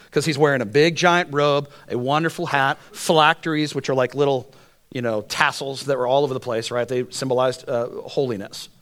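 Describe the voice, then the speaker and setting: Bright, animated male preacher. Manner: animated, jokey storytelling with quick shifts to soft, earnest lows. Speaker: pastor. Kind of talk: sermon.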